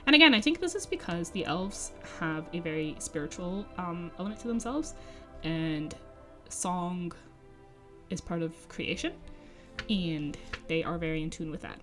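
A woman's voice: fairly low pitch, lively intonation, normal speed, fairly bright tone, soft background music. Chatty woman reading and commenting. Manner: chatty, enthusiastic, many fillers and asides. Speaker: podcast host and reader. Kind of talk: book reading with casual commentary.

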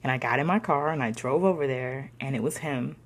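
A young woman telling a personal story in a slangy, conversational way, sometimes dropping into soft whispers. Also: extremely low pitch, a little fast, breathy edge. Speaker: discussion participant.

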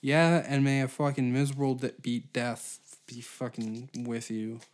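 A podcast host rants sarcastically on his solo show, swearing heavily and often stuttering and restarting. His mid-range voice is flat, at a measured pace.

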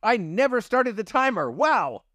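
A man with a high voice that swoops and bounces co-hosts a comedy podcast. He throws in mock-excited punchlines. The sound is close and dry. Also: unhurried, no room sound. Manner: mock-hype exclamations. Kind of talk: sketch comedy podcast banter.

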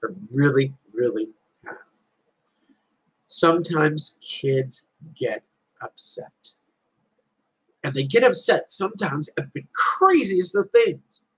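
A man's voice: on the high side, animated, slow, pauses often, fairly bright tone, husky, poor audio. A man giving an earnest, reflective motivational talk and telling stories to make his point. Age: adult with children. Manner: storytelling, earnest, uses parables. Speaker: speaker giving life advice.

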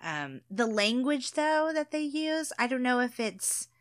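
A woman's voice: high voice, sing-song, measured pace, dry recording, clean studio sound. A woman chatting casually about a TV show, hesitant, with many fillers and frequent laughter.

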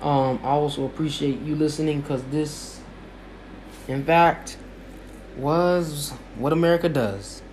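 Man, mid-pitched, emphatic commentary with repeated phrases, faint hiss behind. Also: a little slow, a little mellow. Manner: repetitive, emphatic, preacher-like cadence. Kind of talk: impassioned spoken commentary.

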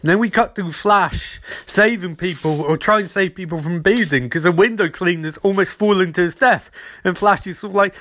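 A man's voice: high voice, normal speed, a bit bright, no echo, clean studio sound. A man casually recapping a TV episode as a podcast host, rambling and acting out quoted lines.

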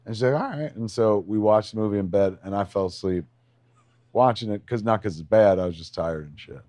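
A man co-hosting a podcast, casually telling stories with lots of swearing and excited bursts. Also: on the low side, a little fast, no echo. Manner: profane, excitable storyteller. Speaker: podcast co-host. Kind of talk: casual chat, storytelling.

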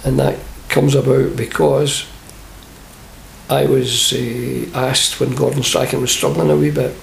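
Gravelly older Scottish man telling stories. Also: medium pitch, unhurried. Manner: animated storyteller, acts out quoted voices. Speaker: interview guest, former football manager. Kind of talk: anecdotal interview chat. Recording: echoey room with faint hiss.

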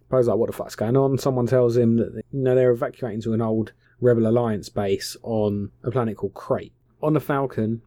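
A man's voice: mid-range voice, mellow, no room sound. A man casually retelling a film plot, offhand, slangy and full of swearing. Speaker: film recapper. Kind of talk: casual comic film recap.

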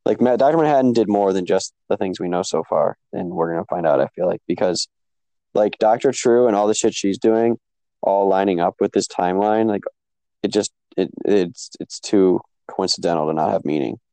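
Very low, gravelly male voice, dark tone, dry sound, laid-back and speculative. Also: normal speed, no room sound, rough recording. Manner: relaxed, speculative, profane. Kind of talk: casual chat.

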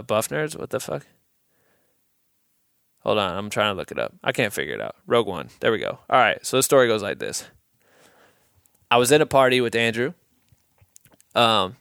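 A young man from Iowa hosts his own podcast, spinning a loose, rambling story full of swearing. His voice is smooth and clean, recorded dry and close with no room around it. His pitch sits in an ordinary male middle range. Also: no room sound. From Iowa, USA. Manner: profane, rambling, loose and animated. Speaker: podcast host. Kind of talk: casual storytelling monologue.

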